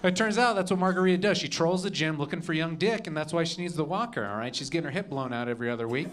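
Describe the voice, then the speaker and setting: A man's voice: fairly high pitch, very fast, a bit bright. Young male comic working a live room. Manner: punchy, adds "okay?" and "all right?" after jokes. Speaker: stand-up comedian. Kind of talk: stand-up comedy set. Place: comedy club stage.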